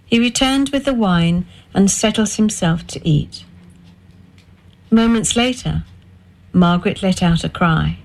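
A woman narrating a dark domestic story in a measured, expressive way. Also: mid-range voice, creaky, poor audio. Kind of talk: scripted narration.

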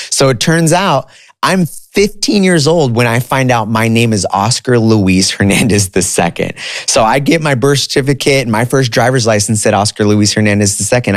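A man's voice: fairly low pitch, no room sound, clean studio sound. A man in his thirties telling a personal story in a loose, conversational way, dropping "dude" and "like" as he goes.

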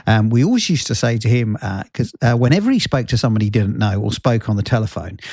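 A man's voice: mid-range voice, darkish tone, no echo. A man presenting on the radio, chatting casually and rambling with fillers. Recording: dry studio mic, faint music behind.

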